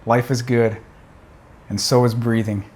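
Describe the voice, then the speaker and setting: A young man talking casually to camera in a vlog, excited and rambling with many restarts. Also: medium pitch, measured pace, noisy background. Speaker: vlogger.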